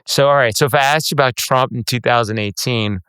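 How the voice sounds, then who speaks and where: Podcast host: middle-aged man, wry and conversational, mid-pitched smooth voice, dry sound. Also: fast talker, fairly bright tone, no room sound. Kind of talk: casual interview chat.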